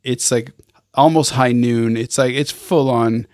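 A man hosts a podcast chat with a middle-pitched voice. He talks through a photo slowly, searching for the right words. The recording is dry and close, with no room sound. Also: fairly even intonation, a little mellow, no echo. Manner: describes a photo in slow, searching detail. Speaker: podcast host. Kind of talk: casual conversation.

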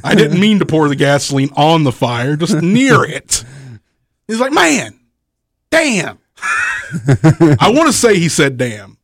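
Here the wrestling promoter is unhurried, pausing often as he tells his rowdy podcast story in a fairly high male voice. He still swears freely, laughs frequently and acts out the things people said, staying animated and profane throughout. Studio-quality audio, no echo.

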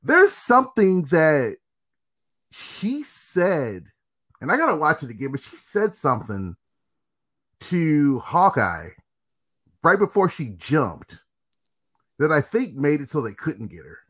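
A man's voice: on the high side, big pitch swings, takes it slowly, long pauses, a bit bright, husky. A man co-hosting a casual podcast, pressing a question and circling back to it. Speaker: podcast co-host. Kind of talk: casual chat.

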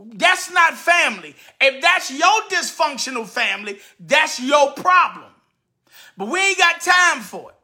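A man, a radio host delivering an indignant, repetitive commentary rant and often shouting. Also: very high voice, very animated, normal speed, hardly any pauses.

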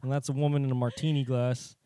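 A man's voice: mid-range voice, level tone, fast talker, noisy background. Rambling, swearing man podcast host. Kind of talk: casual podcast chat.

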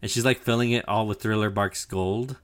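This young podcast co-host talks a little fast in a clear, resonant, lowish voice with a steady tone. In casual chat, he retells an anime arc in a rambling, profane way, packed with fillers and quoted voices.

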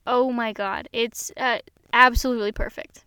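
A young woman co-hosting a casual chat over a video call, agreeable and full of fillers and quick yeses. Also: on the high side, fairly even intonation, bright, forceful tone, smooth, no room sound. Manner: agreeable, lots of fillers and affirmations. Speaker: co-host.

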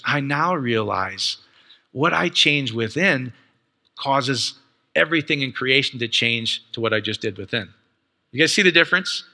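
A man preaching a casual, excited teaching sermon, quoting others and asking his listeners questions. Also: mid-range voice, in a large hall. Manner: animated, excited, conversational, quotes others.

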